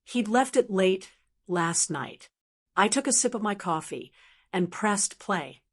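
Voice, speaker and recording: A woman narrating a first-person story in a calm, steady, measured way. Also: medium pitch, husky.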